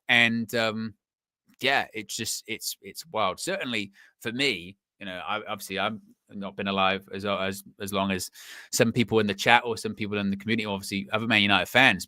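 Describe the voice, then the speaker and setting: Young guy hosting a live footy fan stream, chatty, laughs a lot, bright sharp voice. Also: medium pitch, no echo, clean studio sound. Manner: animated, chatty, laughs often. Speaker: football fan channel host.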